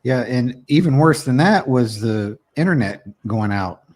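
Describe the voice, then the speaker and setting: A man's voice: mid-range voice, animated, a little slow, a little mellow. A man co-hosting a podcast in casual chat, teasing his co-host with profane banter.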